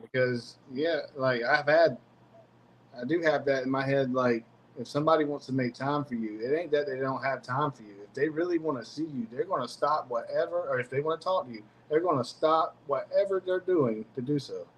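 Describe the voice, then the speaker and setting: A man hosting a casual chat, relaxed and restarting his sentences as he talks. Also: mid-range voice, a little fast, a little hiss or hum, rough recording. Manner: relaxed, repeats words when starting. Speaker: host.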